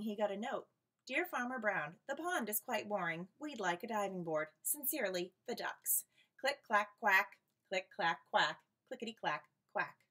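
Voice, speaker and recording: A woman teacher reads a storybook aloud for kindergarteners, bringing each line to life. Her delivery is expressive and animated, and she stops now and then for encouraging little asides. Her voice sits at an ordinary middle pitch. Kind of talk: read-aloud storytime for children.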